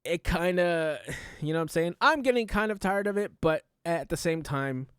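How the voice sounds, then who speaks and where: A man streaming a reaction, talking casually in a loud, animated showman way. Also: high-pitched, moderate pace, clean tone, dry recording, studio quality.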